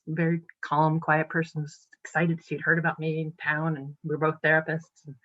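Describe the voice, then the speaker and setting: A woman in her forties with a Boston-area accent tells her story in an earnest, emotional way, with frequent ums. Her voice sits a little low. The sound is dry and slightly dull, like a remote call mic. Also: dry recording. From New England. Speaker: podcast guest. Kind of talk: personal recovery story.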